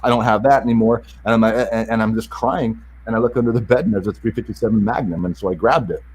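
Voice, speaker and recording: A man's voice: fairly low pitch, steady tone, a little mellow, slightly rough. A man telling a painful personal story as a podcast guest. He is earnest and openly emotional, and he often stops and restarts his sentences. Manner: earnest, halting, with frequent restarts and repeated words. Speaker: podcast guest, self-help author. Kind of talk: personal story told in an interview.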